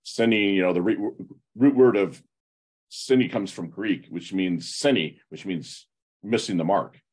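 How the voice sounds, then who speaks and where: A man hosting a podcast interview, enthusiastic and motivational, quick with effusive praise. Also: deep voice, darkish tone, slightly rough. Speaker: podcast host.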